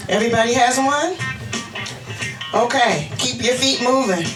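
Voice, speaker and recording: A woman's voice: a little high, measured pace. A woman minister giving an interactive sermon, leading the congregation in chants. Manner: animated, leads the congregation in call-and-response chants. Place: church sanctuary. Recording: roomy church sound from a distant mic, music behind. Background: music.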